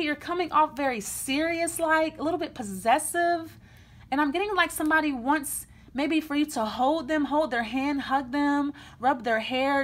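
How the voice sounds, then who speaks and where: A woman's voice: high voice, a bit bright. A woman giving a casual tarot reading in a blunt, chatty way, often restarting her sentences. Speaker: tarot reader.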